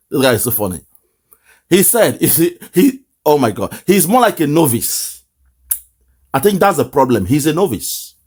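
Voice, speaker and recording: Fiery Nigerian man, lively pitch. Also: slightly rough. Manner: fiery, mocking, bursts into laughter. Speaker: political commentary host. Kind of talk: impassioned online commentary.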